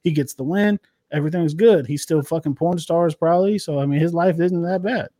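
A man in his thirties riffs on the week's games with a teasing, loose, swear-happy ease. His voice sits a little high and sounds close and dry, with no room around it. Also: brisk, warm tone, no echo. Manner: joking, teasing, swears freely. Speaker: podcast co-host. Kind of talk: casual sports chat.

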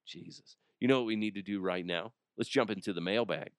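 A man's voice: fairly low pitch, brisk, clear, resonant tone, no echo, clean studio sound. A middle-aged man hosting a podcast, chatting casually, laughing often and swearing freely. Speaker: podcast host. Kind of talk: casual solo chat.

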